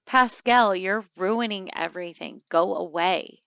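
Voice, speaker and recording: Woman let's play host, slow and gravelly, chatty and emotional; dull, dry home mic. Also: on the low side, fairly bright tone, dry recording. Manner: emotional, chatty, many fillers and restarts. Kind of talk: casual gameplay commentary.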